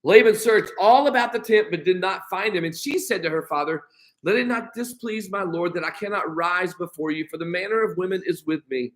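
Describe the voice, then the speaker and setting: High-voiced American pastor teaching scripture. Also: male voice, moderate pace, a bit bright, rough recording. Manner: reads scripture aloud and paraphrases it in casual modern speech. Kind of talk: Bible study teaching. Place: church.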